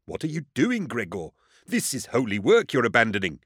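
A man voicing a stern older male inquisitor with a cane in an audiobook, speaking in a measured, reproachful way. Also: mid-range voice, huge pitch swings, fairly bright tone, slightly rough, no echo, clean studio sound, pitched above the performer's own voice, heavily acted.

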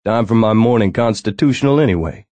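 A man's voice: on the low side, expressive, fairly quick, a little mellow, no echo, pitched above the performer's own voice, close to an everyday voice. Man doing a wry, defiant friend. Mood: breezy. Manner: wry, resigned, then defiant. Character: a weary but defiant man, his friend.

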